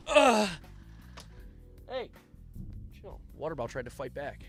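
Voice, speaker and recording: A young man live streaming, chatting casually, joking around and reading out donations in an animated way. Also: fairly high pitch, a little slow, long pauses, soft background music. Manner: jokey, animated, reads donations aloud. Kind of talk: casual livestream chat.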